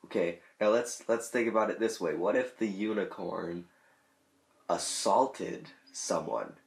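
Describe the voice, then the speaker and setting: Deep-voiced joking man in an echoey room. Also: measured pace, vocal fry. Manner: joking, rambling, trails off into mumbles. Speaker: gaming channel host. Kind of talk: casual chat.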